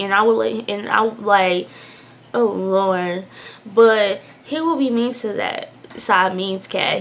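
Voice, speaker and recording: A young woman telling a personal story in a candid, emotional way, swinging between hushed and loud. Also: mid-range voice. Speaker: vlogger. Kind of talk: storytime vlog.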